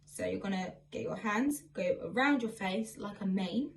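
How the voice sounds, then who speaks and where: A woman's voice: mid-range voice, moderate pace, creaky, recorded from a distance, a little hiss or hum, poor audio. A woman teaching a song with signs, explaining each sign step by step in a friendly way while filming herself on a phone at home. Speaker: singing and signing teacher. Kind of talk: online sign-and-sing lesson. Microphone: phone camera.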